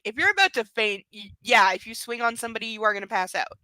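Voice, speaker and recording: A woman's voice: a little high, expressive, quick pace, bright, forceful tone, no room sound. A young adult woman doing a live reading of a book, breaking off into mocking, sarcastic commentary. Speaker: reader and commentator.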